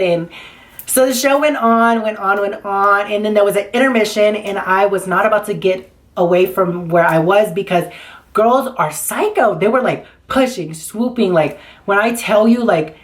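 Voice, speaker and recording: Young woman vlogger, casual storytime, chatty and profane, mid-pitched. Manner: chatty, swears freely, acts out the dialogue she retells.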